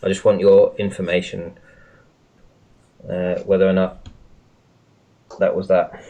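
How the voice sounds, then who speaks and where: A man's voice: sits low, level tone, a little slow, pauses often, warm tone, slight background noise. A man hosting a livestream in casual talk, exasperated and swearing a lot, restarting his sentences often while working at his computer. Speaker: livestream host.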